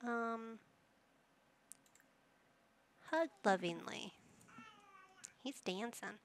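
A woman's voice: on the high side, animated, slow pace. A woman giving casual commentary while playing a life-simulation game, chatting to the characters and reading options aloud. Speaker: gaming YouTuber.

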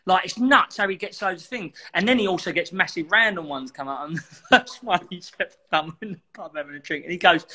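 A man with a bright, forceful voice, chatting casually. He tells animated stories, laughing and swearing as he goes. His voice sits a little high for a man. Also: fairly quick. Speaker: co-host. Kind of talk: casual chat.

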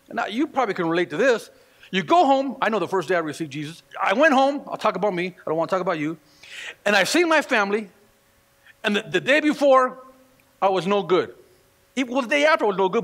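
A man's voice: high voice, pushed and bright. A man preaching a sermon as pastor, telling stories and acting out the voices of the people in them. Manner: storytelling preacher who acts out quoted voices. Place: church sanctuary. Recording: long reverb of a church hall.

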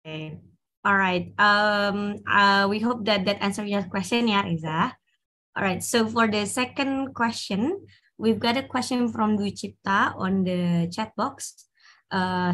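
A woman's voice: mid-range voice, normal speed, a bit bright. A woman hosting an online class, upbeat and loose, with many fillers as she moderates questions. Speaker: class host.

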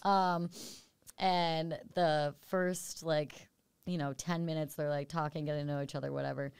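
Woman with a lowish voice telling a story on a podcast, lots of "like" and "um", dry close sound. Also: unhurried, gravelly, clear, resonant tone, dry recording. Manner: storytelling, many fillers, animated quoting. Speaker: podcast host. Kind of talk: casual chat.

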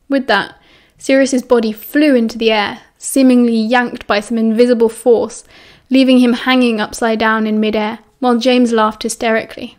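A woman with a British accent reading a novel aloud as an audiobook narrator, with an even storytelling delivery. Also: fairly high pitch, moderate pace, few pauses. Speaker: audiobook reader.

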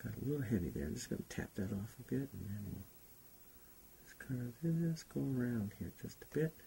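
A painting instructor talks unhurriedly and thinks aloud as he paints during a relaxed class demonstration. His mid-range voice is animated, fairly quick, gravelly, and warm, with a little hiss or hum in the audio.

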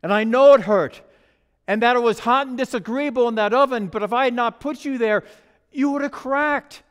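A man voicing a patient master potter who calmly explains why he shaped his work. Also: very high-pitched, clean tone. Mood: explaining. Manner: slow, gentle, explaining. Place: church sanctuary. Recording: long church reverb.

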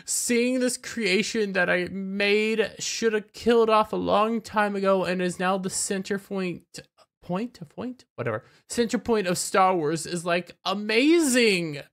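A man doing a mocking impression of a gushing, awestruck male showrunner, breathy and reverent. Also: high-pitched, unhurried, fairly bright tone, pitched above the performer's own voice, full character voice. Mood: mock awe.

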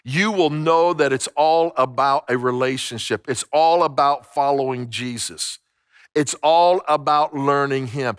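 A man's voice: on the high side, no echo, studio quality. A middle-aged man preaching a sermon as pastor, emphatic, repeating phrases and restarting words. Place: church sanctuary.

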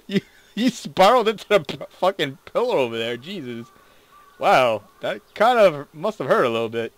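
A young man hosting a gaming video, excitable, laughing and swearing at the game while he plays. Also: a little high, normal speed, a little hiss or hum. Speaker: gaming channel host. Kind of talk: casual gameplay commentary.

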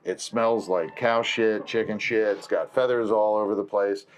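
A man's voice: lowish voice, fairly even intonation, normal speed. A male film producer telling a long story in casual conversation, correcting himself as he goes and acting out the dialogue. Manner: rambling, self-correcting, acts out quoted dialogue.

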